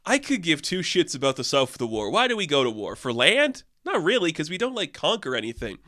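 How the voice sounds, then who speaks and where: A man casually reviewing a movie, loose and profane, full of "like" fillers, jumping up in pitch when incredulous. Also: huge pitch swings, a little fast, sharp tone, no room sound, studio quality.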